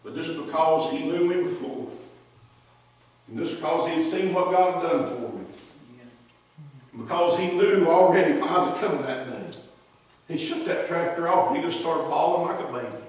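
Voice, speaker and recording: Male preacher, high-pitched, fervent and repetitive, church pulpit feel. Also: lively intonation, normal speed. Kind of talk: sermon. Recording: echoey hall, distant mic.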